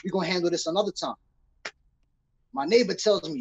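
A man's voice: sits high, quick pace, long pauses, breathy edge, low-quality recording. A young man from New City, telling a story as a guest in a casual interview and acting out the voices he quotes in street slang. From New York City. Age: young adult.

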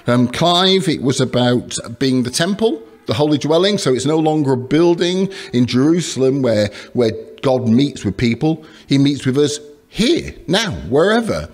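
A man's voice: medium pitch, sing-song, moderate pace, few pauses. A man preaching a sermon in a conversational way, with fillers and restarts, and reading scripture aloud with emphasis.

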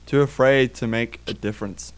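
A man's voice: mid-range voice, steady tone, normal speed, clean tone. A man playing a horror game on his channel, reading its text aloud and reacting with swearing and jokes. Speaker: gaming video host. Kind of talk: casual horror game commentary.

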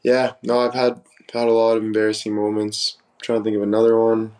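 A man's voice: on the low side, completely flat delivery, brisk, a little mellow, low-quality recording. A young man hosting a live stream, telling candid, rambling stories and answering viewer comments. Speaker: livestream host. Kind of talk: casual livestream chat.

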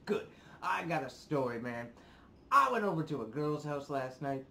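A young man hosts his reaction vlog, ranting casually at viewers, cursing often and sounding animated and worked up. His voice is a little high and creaky, at a normal speed, with slight background noise.

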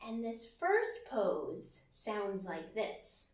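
A woman teaching a yoga class for small children, guiding them in a slow, gentle and playful way, with sung lines and animal sounds. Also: sits high, animated, roomy sound, far from the mic.

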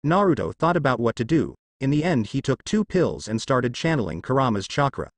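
A man reading fan fiction aloud as a narrator, voicing every character in the same plain, steady way. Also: mid-range voice, a little fast, no echo.

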